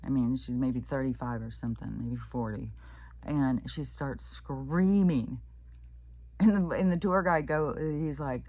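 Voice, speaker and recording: Very low, husky-voiced woman rambling. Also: unhurried, warm tone, no room sound. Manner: profane, rambling, frequent fillers. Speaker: vlogger. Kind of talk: casual rambling monologue.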